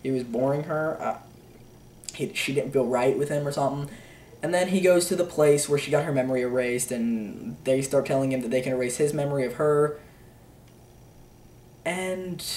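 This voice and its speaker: A man's voice: fairly high pitch, moderate pace, darkish tone, distant mic, a little hiss or hum. A teenage boy giving a rambling, unsure movie review, full of fillers and offhand "blah, blah, blah" asides. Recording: roomy echo, a bit off-mic.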